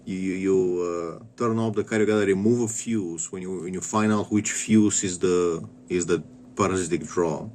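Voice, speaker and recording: Sex: man. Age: 30s. Origin: Bulgaria. Pitch: low. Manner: crude, rambling rant with stammered repeats. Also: steady tone, normal speed, darkish tone, a little hiss or hum. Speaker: vlogger. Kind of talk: casual rant.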